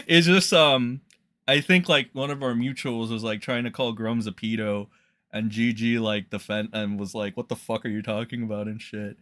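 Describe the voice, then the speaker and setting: A man ranting on a stream as he reads out tweets, swearing often and mocking, and at times rising into loud outbursts. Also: medium pitch, normal speed. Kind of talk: casual ranting commentary.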